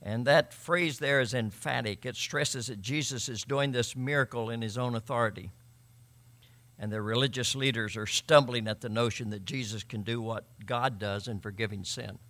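A man preaching a sermon, emphatic, swinging between loud and quiet and often repeating words. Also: medium pitch, normal speed. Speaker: pastor.

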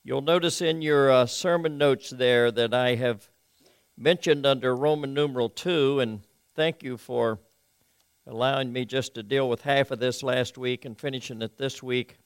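A male pastor delivering a sermon, reading scripture aloud and explaining it in an earnest, measured way with occasional hesitant fillers. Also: mid-range voice, fairly even intonation, smooth, no echo.

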